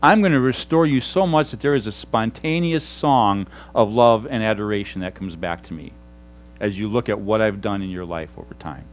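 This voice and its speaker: A middle-aged man, a pastor, preaching an animated sermon on a lapel mic. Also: on the low side, normal speed. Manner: animated, shouts examples.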